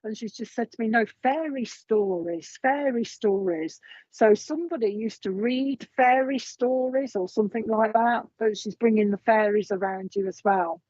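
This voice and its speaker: A woman's voice: fairly high pitch, fairly even intonation, moderate pace, few pauses, dark tone, no echo, muffled recording. A woman giving a live mediumship reading. She talks in a chatty, meandering way and passes along messages with frequent ums. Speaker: psychic medium.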